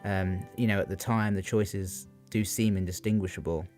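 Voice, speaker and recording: A young man with a very low, deep voice talks through his revision notes off the cuff. He hesitates often and leans on fillers as he goes. Faint guitar music plays behind him. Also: steady tone, moderate pace, darkish tone. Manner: hesitant, many ums and "sort of" fillers. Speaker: student giving revision analysis. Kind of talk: unscripted spoken revision talk.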